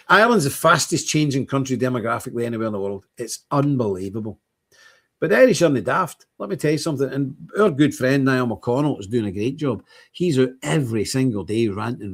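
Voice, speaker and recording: A man hosting a livestream, talking bluntly and emphatically, chuckling often. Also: mid-range voice. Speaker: livestream host. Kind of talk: casual ranting monologue.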